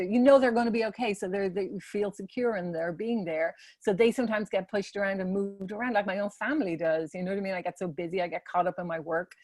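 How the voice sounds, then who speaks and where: A woman's voice: mid-range voice, a little mellow, no room sound. A woman who runs salons, giving a casual, earnest talk to salon leaders with many fillers. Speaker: salon business leader presenting a webinar.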